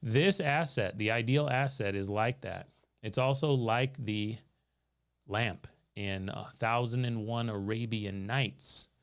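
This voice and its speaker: A man's voice: lowish voice, slow pace. A man hosting a live financial Q&A from a studio, telling a story and reading out viewer comments from the chat. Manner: storytelling, reads out viewer comments, quizzes his co-host. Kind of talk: livestream talk with chat interaction.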